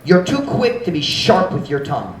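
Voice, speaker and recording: A male pastor preaching with a high voice that leaps up and down across a wide range, now soft and now booming as he acts out harsh tones. His sermon mixes English and Cebuano. The sound carries the echo of a church room, with faint ambience behind him. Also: huge pitch swings, normal speed, slight background noise. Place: church sanctuary.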